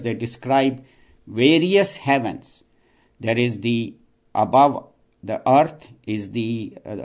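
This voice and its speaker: Chuckling as he goes, a male spiritual teacher with a mid-range, slightly mellow voice weaves stories and jokes into a scripture talk, often starting his sentences over.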